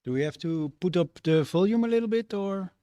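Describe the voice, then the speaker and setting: A man's voice: high voice, animated, fairly quick, dark tone, clean tone. Hesitant male teacher. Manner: hesitant, many fillers, searches for words. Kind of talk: ceremony address.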